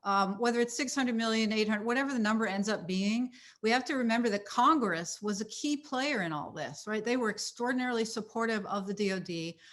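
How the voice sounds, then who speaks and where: A woman's voice: on the high side, brisk, a bit bright. A woman, a panel guest, giving earnest closing remarks in a discussion and often checking in with "right?". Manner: earnest, emphatic, frequent "right?" tags.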